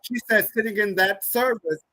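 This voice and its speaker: A man in his thirties, a podcast guest, telling a personal story in an animated, emphatic way. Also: sits high, normal speed, no echo, rough recording. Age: 30s.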